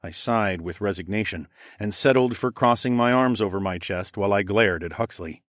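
A man's voice: lowish voice, moderate pace, fairly bright tone, no echo, studio quality. A man narrating a fantasy audiobook in the first person, conversational and wry with casual swearing.

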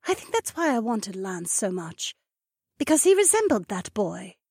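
A man voicing a poised young she-wolf duchess in an audiobook, gentle and reminiscing. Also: high-pitched, big pitch swings, normal speed, husky, no echo, clean studio sound, voice pushed up, heavily acted. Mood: amused. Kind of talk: audiobook character voice.

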